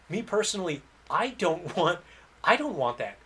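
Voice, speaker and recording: A man's voice: sits high, very animated, moderate pace, bright, forceful tone, breathy edge. A man, an indie game developer, chatting casually on a livestream, rambling and self-deprecating and often laughing.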